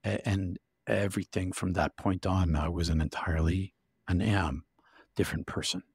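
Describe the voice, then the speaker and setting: An older man, an interview guest, telling his story in a vivid, halting way with restarts. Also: sits low, steady tone, creaky, darkish tone, husky, no room sound, clean studio sound. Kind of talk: emotional storytelling.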